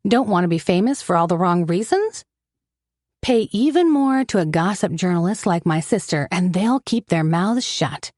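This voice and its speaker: A woman narrating a romance audiobook in the first person, with steady, wry storytelling on a close mic. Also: medium pitch, normal speed, no echo.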